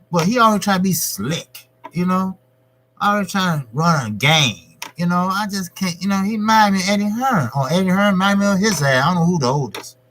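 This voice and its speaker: A man's voice: high-pitched, fairly bright tone, a little hiss or hum. A man hosting his own boxing channel, talking on a live stream in a loose, profane, repetitive way. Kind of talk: casual live-stream rant.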